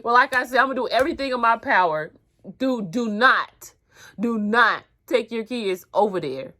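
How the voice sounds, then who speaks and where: A woman's voice: fairly high pitch, lively intonation, moderate pace, pushed and bright. A mother venting in a vlog, heated and emphatic, repeating herself. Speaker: mother vlogger.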